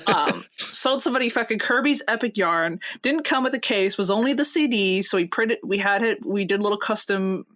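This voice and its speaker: A young woman co-hosting a casual podcast, retelling a workplace story with constant swearing and animated quotes. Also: medium pitch, a little fast, hardly any pauses. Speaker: podcast co-host.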